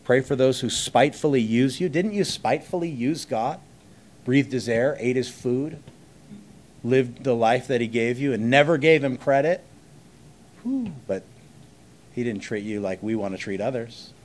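With a mid-range voice at a moderate pace, a man gives a conversational sermon as a pastor, leaning on rhetorical questions.

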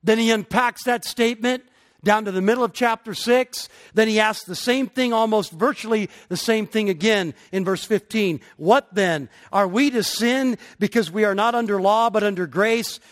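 High-voiced man preaching a sermon. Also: normal speed. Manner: emphatic, rising to forceful peaks. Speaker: pastor.

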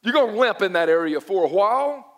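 A middle-aged man preaching a sermon, telling a personal story dramatically, dropping to a hush and rising to shouts. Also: high-pitched, lively intonation, quick pace. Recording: long reverb of a large hall.

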